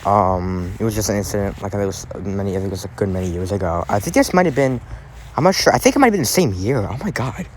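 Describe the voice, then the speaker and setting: A man's voice: on the low side, animated, fast, slight background noise. A man hosting a casual true crime podcast, talking in a rambling way with lots of fillers and restarts.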